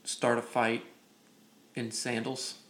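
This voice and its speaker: A man's voice: mid-range voice, takes it slowly. A man co-hosting a podcast, telling stories in casual, profane chat and acting out what people said. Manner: profane, animated anecdote-teller acting out quotes. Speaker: podcast co-host. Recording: roomy echo.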